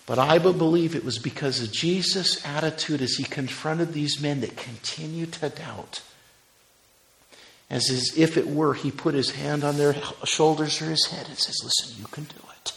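A man preaching as pastor, swinging from loud fervent exhortation to a soft, hushed prayer. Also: on the high side, normal speed, creaky, roomy sound, a little hiss or hum, rough recording. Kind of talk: sermon and closing prayer. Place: church.

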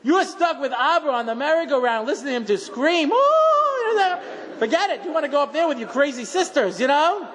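A middle-aged man giving a rabbi's lecture, telling funny stories in an animated, self-mocking way and acting out scenes. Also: extremely high pitch, fast talker, hardly any pauses. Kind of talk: humorous storytelling lecture. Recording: long hall reverb, faint background noise.

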